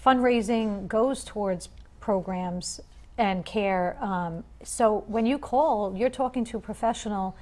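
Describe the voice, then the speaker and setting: A woman guest on an interview show, speaking in a measured way with some hesitant restarts. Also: medium pitch, darkish tone. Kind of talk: casual interview.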